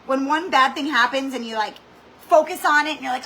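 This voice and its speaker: A woman with a high, bright, ringing voice hosts a casual craft livestream. She tells stories animatedly and dramatically, peppering every sentence with "like.". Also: fast talker, slight background noise, rough recording. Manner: animated, dramatic storytelling with lots of "like". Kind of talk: chatty livestream storytelling. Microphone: computer or camera mic for a live stream.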